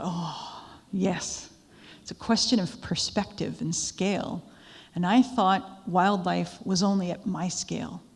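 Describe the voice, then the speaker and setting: A woman's voice: fairly low pitch, creaky, a little mellow. A woman giving a talk to a live audience, telling stories in a conversational way with asides to the listeners. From Canada. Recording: echoey hall with long reverb.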